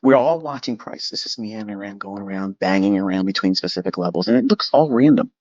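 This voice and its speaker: A man's voice: on the low side, very animated, fast talker, gravelly, a little mellow, dry recording, dull audio. A man giving a blunt, lecture-style talk on trading, dismissive of critics, swearing and repeating himself. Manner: mimics critics in quoted asides. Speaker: trading educator.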